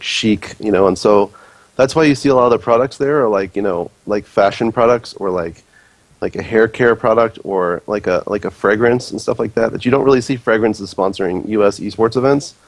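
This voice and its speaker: A man's voice: on the low side, moderate pace, dry recording, poor audio. A man talking casually on a podcast, loose and leaning heavily on "like".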